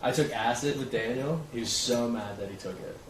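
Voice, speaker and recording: A young man in his twenties tells a casual story on a livestream, his mid-range voice moving fairly quickly. He's animated, laughs often, and says "like" constantly. He sounds distant from the mic, in a roomy, noisy recording.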